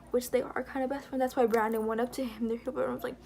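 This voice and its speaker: A woman's voice: on the high side, level tone, fast talker, few pauses. Heated, rambling young woman vlogger. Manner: rambling, heated, retelling drama with quoted dialogue. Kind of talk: casual commentary vlog.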